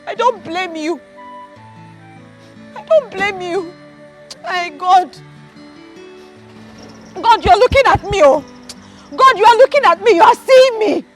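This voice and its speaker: An actress with a Nigerian accent playing a hot-tempered, loyal wife who loudly defends her husband and accuses a man of wrongdoing. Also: extremely high pitch, animated, slow pace, pauses often, faint music behind, full character voice. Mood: pleading. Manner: loud, defiant, accusing. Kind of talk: Nollywood film acting.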